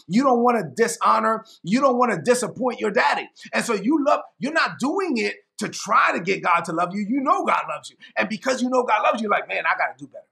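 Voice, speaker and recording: Gravelly high-pitched male preacher. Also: a bit bright. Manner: emphatic, repetitive preaching. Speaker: pastor. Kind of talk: sermon.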